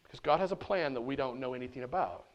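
A man preaching a sermon in church, animated and conversational, with casual slang. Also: mid-range voice, quick pace, highs cut off. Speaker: pastor.

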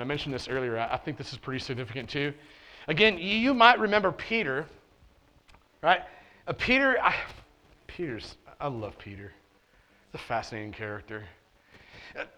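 A man preaching a sermon with a slightly raised pitch. He talks loosely and conversationally, using many fillers and restarting sentences, and he drops in playful asides. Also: a bit bright. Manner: casual and conversational, with frequent "like" and restarts; playful asides and short laughs while preaching. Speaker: pastor. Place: church.

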